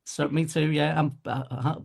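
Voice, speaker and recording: Gravelly British man playing a quiz. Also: on the high side, little pitch movement, moderate pace, background noise. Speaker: podcast guest contestant. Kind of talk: casual game show chat.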